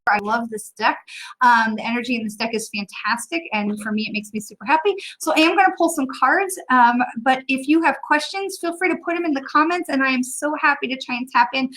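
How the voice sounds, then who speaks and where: Upbeat chatty woman, fairly high voice. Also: rough recording. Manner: warm, encouraging, chatty with filler pauses. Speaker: psychic medium. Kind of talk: casual live stream talk and Q&A.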